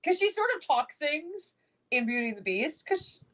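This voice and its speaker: A woman's voice: sits high, sing-song, normal speed, fairly bright tone. A woman co-hosting a live fan stream, upbeat and agreeable, thinking aloud as she talks. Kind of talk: casual live-stream chat.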